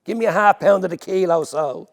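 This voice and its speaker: A brash, cheeky old Dublin woman, as a man puts her on, haggling over meat. Her voice goes high and loud with indignation. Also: fairly quick, gravelly. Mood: indignant.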